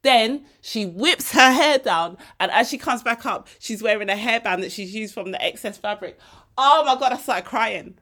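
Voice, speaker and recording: A woman hosting her own podcast, telling stories in a lively, emotional way and laughing easily. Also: a little high, normal speed. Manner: animated storytelling, laughs and gets emotional easily. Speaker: podcast host. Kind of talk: casual solo podcast chat.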